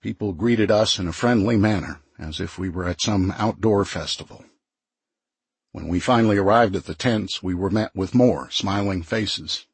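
A man narrating a first-person audiobook in a measured, even storytelling manner. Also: deep voice, vocal fry, breathy edge, no echo.

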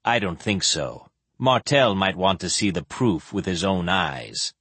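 A man voicing a drunk, cynical male mercenary with a slurred, mushy voice, pitched lower than his own. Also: animated, measured pace, fairly bright tone, breathy edge, dry recording, full character voice. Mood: sardonic.

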